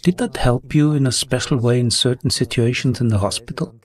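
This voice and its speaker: A man interviewing a guest, asking short, gentle questions and summing up her answers. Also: medium pitch, brisk.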